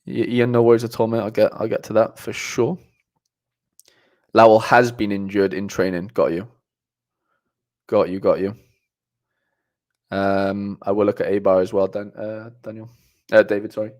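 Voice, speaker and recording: A man's voice: on the low side, little pitch movement, normal speed, pauses often, a little mellow. A young man hosting a live stream, reading viewer comments aloud in a casual, rambling way with lots of fillers and restarts. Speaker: livestream host.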